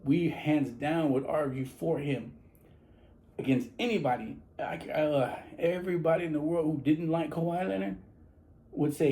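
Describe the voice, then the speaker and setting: A man's voice: fairly high pitch, normal speed, mellow, rough recording. A man from San Antonio, talking casually as a barber. He rambles, repeats himself and restarts his sentences often. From San Antonio, Texas. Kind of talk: casual monologue to camera.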